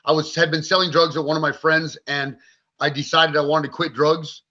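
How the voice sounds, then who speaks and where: Speaking fairly quickly with a flat delivery, this forties-aged podcast guest has a fairly high voice with a sharp edge. His candid interview storytelling is blunt, vivid and heavy on swearing, captured in dull lo-fi audio.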